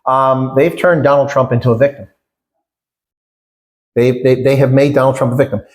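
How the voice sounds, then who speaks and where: A middle-aged man answering questions in an interview, with a voice pitched right in the middle range. He talks in an emphatic, indignant way and often asks rhetorical questions. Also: level tone, moderate pace, a little mellow. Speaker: interview guest, former election candidate.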